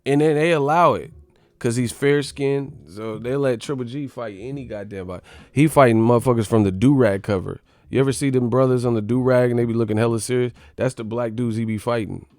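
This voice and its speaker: A man's voice: medium pitch, brisk, a little mellow, dry recording. A man doing a profane, mocking casual rant about boxing as the show's commentator. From United States.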